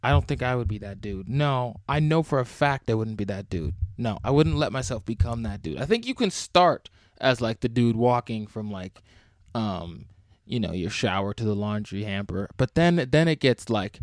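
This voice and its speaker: A man's voice: medium pitch, expressive, moderate pace, no echo, clean studio sound. A young man hosting a solo podcast, talking in a rambling, crude and jokey way. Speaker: podcast host. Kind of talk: solo casual chat.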